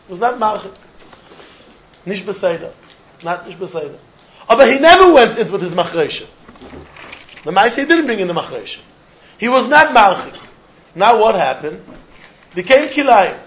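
A man teaching a Talmud lesson, lively and questioning, mixing in Yiddish and Hebrew terms. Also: sits high, normal speed, long pauses, slight background noise. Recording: dull lo-fi recording.

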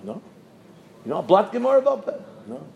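A man's voice: sits high, huge pitch swings, brisk, gravelly, dull audio, a little hiss or hum. A male rabbi giving a sermon, telling stories animatedly and chanting repeated verses.

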